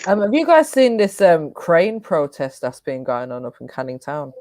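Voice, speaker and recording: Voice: medium pitch, very animated, moderate pace, a little mellow. A speaker on a panel chat, telling news in a hesitant way with many ums. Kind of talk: casual group chat.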